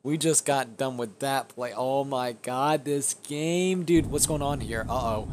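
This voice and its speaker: A young man giving live, profane commentary while playing a video game, often shouting in excitement. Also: mid-range voice, measured pace, slight background noise. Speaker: gaming streamer.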